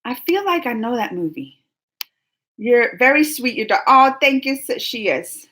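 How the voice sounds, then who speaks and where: Reading viewers' messages on her live stream, a woman in her forties chats with them casually and teasingly, speaking straight to them in an animated way. She has a fairly high voice and a measured pace.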